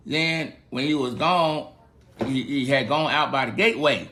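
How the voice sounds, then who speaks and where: A man's voice: medium pitch, a little slow, pushed and bright, a little hiss or hum. A man casually retelling a Bible story to a child in a playful, slangy, chatty way. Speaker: parent reading the Bible to a child.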